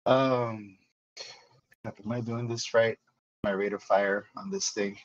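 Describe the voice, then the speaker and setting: A man's voice: on the low side, fairly even intonation, takes it slowly. A man playing a tabletop game, unsure and asking how the rules work. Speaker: player. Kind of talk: casual game chat. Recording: dull, lo-fi sound.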